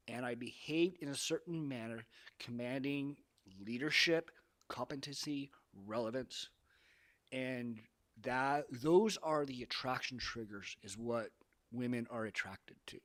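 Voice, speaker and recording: A man lectures his viewers on dating in a casual vlog monologue. He is emphatic and preachy, circling back over his points, in a voice of ordinary middle pitch. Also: a little slow, a bit bright. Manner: emphatic, repeats phrases, preachy. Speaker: dating advice vlogger.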